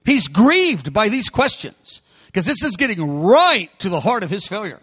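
Brief: pastor, dramatic storyteller, bright and forceful, long reverb of a large hall. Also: male voice, sits high, normal speed, slightly rough. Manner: animated, dramatic storytelling, rising to shouts. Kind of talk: sermon.

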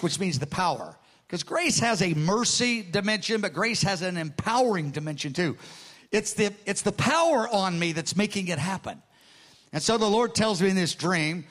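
A man preaching a sermon, telling a story with lively quoted dialogue and repeating words as he starts phrases. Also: sits high, normal speed.

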